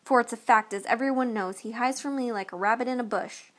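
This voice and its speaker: A woman voicing a boastful, gluttonous male giant with a loud, blustering manner in a storybook reading. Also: very high-pitched, a little fast.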